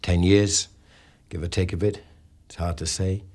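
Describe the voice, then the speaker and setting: An actor playing a blunt, skeptical police detective interrogating a suspect. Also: male voice, deep voice, level tone, normal speed, darkish tone. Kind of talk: TV police drama acting.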